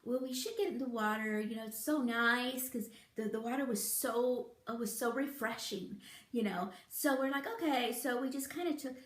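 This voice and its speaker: A woman's voice: a little high, moderate pace, echoey room. A woman in her fifties, telling stories to camera in a chatty, giggly way. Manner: chatty, giggly, animated storytelling. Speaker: beauty vlogger. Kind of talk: casual storytelling to camera.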